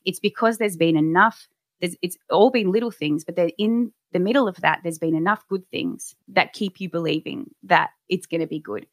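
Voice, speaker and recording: A woman's voice: on the low side, normal speed, dry recording. A young adult woman speaking candidly and reflectively about her own experiences, in a personal storytelling style with frequent restarts.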